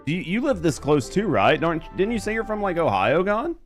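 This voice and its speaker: A man's voice: sits high, big pitch swings, brisk, soft background music. A man with a Southern US accent, streaming a game and chatting casually with viewers, joking and swearing freely. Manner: profane, joking. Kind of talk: casual live-stream chat.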